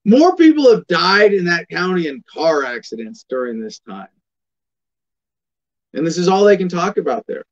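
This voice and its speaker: A man's voice: high voice, sing-song, moderate pace, dull audio. A man hosting a political commentary show, delivering a sardonic, emphatic monologue and reading passages aloud.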